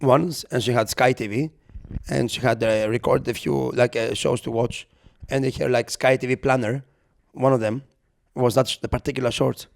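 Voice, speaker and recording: A young man co-hosting a podcast, telling an anecdote in casual chat, animated and acting out the quotes, sometimes swearing. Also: mid-range voice, normal speed, vocal fry. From Europe. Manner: animated storyteller who acts out quotes, swears. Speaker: podcast co-host.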